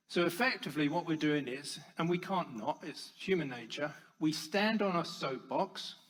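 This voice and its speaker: Man, conference speaker, public talk, slightly high voice, loud-and-soft storytelling. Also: rough recording. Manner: storytelling with swings between loud emphasis and soft quiet lines.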